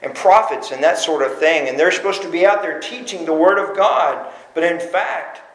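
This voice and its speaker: A man's voice: a little high, normal speed, a bit bright. A man preaching a sermon as pastor, emphatic and full of rhetorical questions. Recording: roomy echo.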